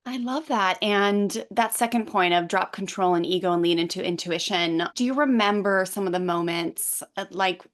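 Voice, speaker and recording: A woman's voice: medium pitch, normal speed, hardly any pauses. A woman hosting a podcast interview, chatty and encouraging, with lots of "like" fillers. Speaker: podcast host. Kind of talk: interview conversation.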